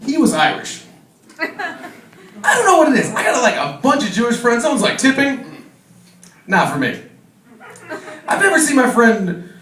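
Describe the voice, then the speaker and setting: On a comedy club stage, a stand-up comedian with a very high, fairly bright voice tells a profane party story and impersonates the others involved. The room echoes, the mic is distant with slight hiss or hum, and the audience laughs.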